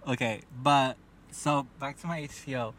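A man's voice: mid-range voice, fairly even intonation, normal speed, crowd noise. A young man chatting casually as a podcast co-host, telling work stories with a lot of laughter and some swearing. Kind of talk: casual chat.

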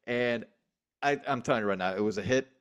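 A man's voice: medium pitch, fairly quick, clean tone. A man co-hosting a casual sports podcast, joking and emphatic. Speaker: podcast co-host.

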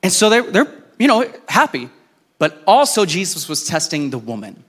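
A man preaching a sermon in a casual, conversational way, telling a story with lively voices for the people in it. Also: sits high, normal speed, slightly rough. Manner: informal and conversational, with restarts. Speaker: pastor.

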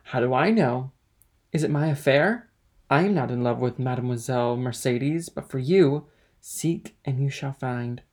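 A cool, scheming man from a storybook, sneering and sly as he goads his companion along, read out by a man. the voice is gravelly and low-set. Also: moderate pace, a little mellow, natural voice. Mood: sly goading.

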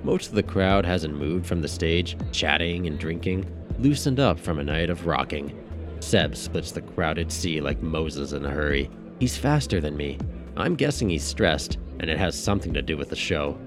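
A man with a very low voice reads a first-person audiobook. His tone is casual and wry, like a storyteller talking to a friend. Faint music plays behind him. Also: animated, normal speed. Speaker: narrator.

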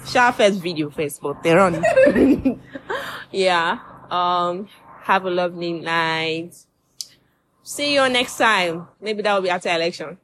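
A woman's voice: fairly low pitch, animated, takes it slowly. Teasing Nigerian woman hosting a chat. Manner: teasing, laughs often, mixes in pidgin. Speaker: podcast host. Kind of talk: casual chat. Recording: faint background noise.

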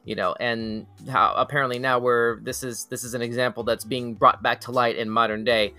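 A man's voice: mid-range voice, level tone, normal speed, sharp tone, no echo. A man hosting a live weird-news show, reading articles aloud and rambling through his thoughts with many fillers and restarts. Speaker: show host. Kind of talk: casual live news chat.

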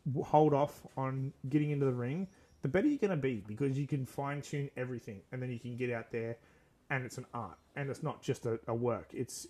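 A man's voice: mid-range voice, darkish tone. A young man, hosting a podcast and earnestly telling a rambling personal story, acting out the dialogue. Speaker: podcast host. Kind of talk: casual storytelling.

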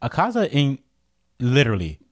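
A man's voice: mid-range voice, huge pitch swings, normal speed, no echo, studio quality. A young man co-hosting a casual podcast, talking in loose, slang-heavy, profane banter. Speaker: podcast co-host.

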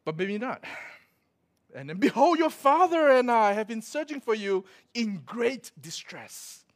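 A man's voice: extremely high pitch, big pitch swings, measured pace. A male pastor, preaching a sermon full of stories, laughing as he acts out quotes. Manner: storytelling with laughs and acted-out quotes.

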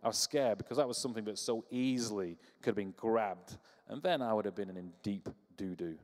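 A man preaching a sermon, telling stories with humor and lively energy. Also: lowish voice, a little fast, big-room sound. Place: church.

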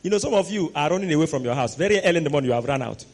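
A man preaching a sermon, animated and exclamatory, sometimes rising to shouts. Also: fairly high pitch, very fast.

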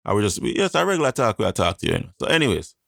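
A Jamaican man with a Jamaican accent, chatting casually and telling animated stories, slipping into patois. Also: on the low side, racing, creaky, no room sound, studio quality. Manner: animated storytelling, slips into patois. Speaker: co-host. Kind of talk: casual chat.

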